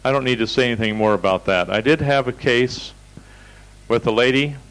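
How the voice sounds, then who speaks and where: A man's voice: mid-range voice, fairly quick, fairly bright tone, clean tone, rough recording. A man teaching a seminar over slides, telling folksy anecdotes in a direct, storytelling way. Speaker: seminar instructor.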